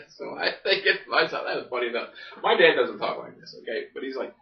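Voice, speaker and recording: A man's voice: medium pitch, expressive, brisk, vocal fry. A man from Florida telling a stand-up comedy story in a rambling, folksy way, often checking in with "okay?". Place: a home living room. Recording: dull, roomy sound from a distant mic.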